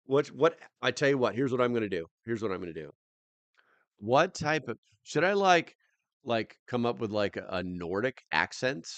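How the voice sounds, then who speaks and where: Man, low voice, casual livestream chat, rambling, dry recording. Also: a bit bright, dry recording. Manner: rambling, chatty, many fillers and restarts. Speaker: livestream host.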